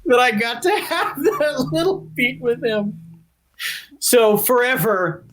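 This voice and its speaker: High-voiced animated man telling a story. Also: slow pace. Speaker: actor guest. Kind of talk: podcast interview anecdote.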